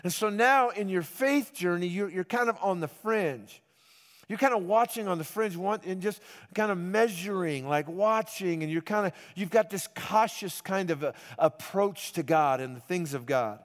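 A man's voice: high-pitched, normal speed. A man preaching a sermon, conversational and repetitive, calling on the congregation to respond. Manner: conversational, repeats and restarts, calls for congregation response. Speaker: pastor. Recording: reverberant hall.

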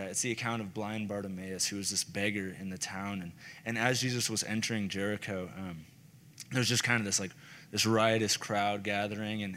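A man's voice: fairly low pitch, fairly bright tone. A young man giving an earnest, casual and heartfelt personal testimony sermon. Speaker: speaker sharing his testimony. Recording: reverberant hall with faint noise.

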